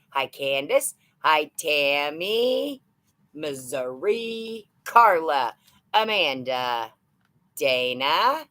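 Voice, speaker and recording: A woman's voice: sits low, fairly bright tone. A woman in her thirties hosting a casual live stream, chatty and playful as she greets viewers by name. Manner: chatty and playful, rambling with fillers. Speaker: live-stream host of a shopping channel.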